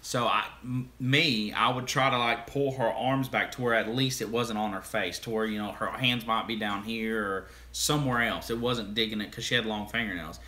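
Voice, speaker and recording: Bright-toned man, rambling storyteller. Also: fairly low pitch, fairly even intonation, normal speed, hardly any pauses. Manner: rambling, restarts, laughs while acting out quotes. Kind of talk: casual storytelling chat.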